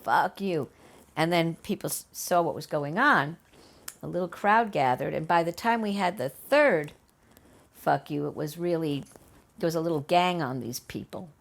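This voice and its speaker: An older woman, recalling events in an oral history interview at her home, lively and acting out the voices she quotes. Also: deep voice, normal speed, vocal fry. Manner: animated, acts out quoted voices, many restarts. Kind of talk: conversational storytelling.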